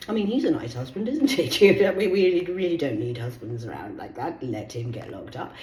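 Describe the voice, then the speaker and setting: A woman's voice: low voice, echoey room, slight background noise, poor audio. A woman reading out news stories in a casual vlog, swearing freely, whispering asides and laughing between items. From United Kingdom.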